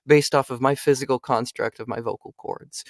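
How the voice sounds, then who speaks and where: Guest slot: young male voice actor, animated and chatty, dry close recording. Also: mid-range voice, moderate pace, creaky, no room sound. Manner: animated, chatty, frequent fillers. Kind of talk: casual interview chat.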